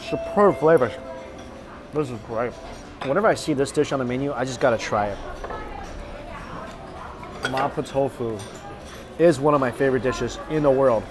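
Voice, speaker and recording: A food vlogger hosts a casual video, chatty and enthusiastic as he tastes dishes, savors them between lines, and recommends them. His mid-range voice moves at normal speed with frequent pauses, and a music bed plays underneath.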